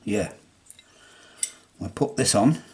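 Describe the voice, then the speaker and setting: A man's voice: lowish voice, slow pace, noisy background. An older man with an English accent, chatting his way through a workshop demonstration as he assembles something, talking himself through each step. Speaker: hobbyist restorer. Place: home workshop.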